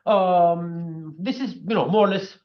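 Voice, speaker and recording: Man, seminar talk, animated, frequent fillers, high voice, echoey room. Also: slow pace. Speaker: physics speaker. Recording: echoey room, dull lo-fi sound.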